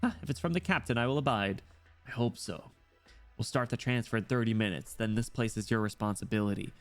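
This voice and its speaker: A man's voice: mid-range voice, fairly quick, soft background music, lightly acted. A man reading aloud, voicing a hot-tempered young woman soldier of a rebel group in a game story, menacing and clipped.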